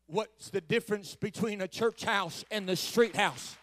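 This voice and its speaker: A man preaching a sermon. He tells stories in a low voice, repeats words as he starts phrases, and builds up to shouting. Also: normal speed.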